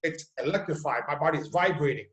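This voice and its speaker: A man with a fairly high voice tells stories with energy and acts out what people say. He talks in a room with a lot of echo. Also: fast. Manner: animated storyteller, acts out quotes. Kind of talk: casual video chat. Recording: echoey room.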